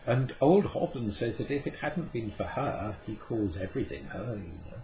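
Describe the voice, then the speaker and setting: A man's voice: lowish voice, sing-song, normal speed, darkish tone, slight background noise, rough recording. A man voicing a curious, earnest young boy in a storybook reading. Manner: eager, earnest.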